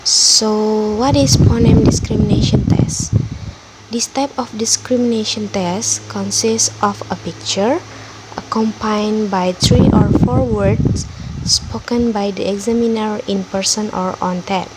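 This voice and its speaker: A young woman giving a class presentation as a student, reading her examples slowly and carefully. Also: medium pitch, fairly even intonation, very noisy. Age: young adult.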